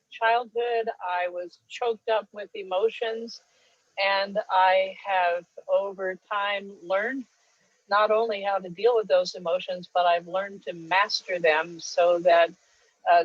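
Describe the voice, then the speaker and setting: A woman's voice: mid-range voice, no echo. An older woman giving a webinar talk, telling personal stories with frequent fillers. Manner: warm storytelling, frequent fillers. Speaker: guest speaker. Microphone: video call. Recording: dull lo-fi video call audio.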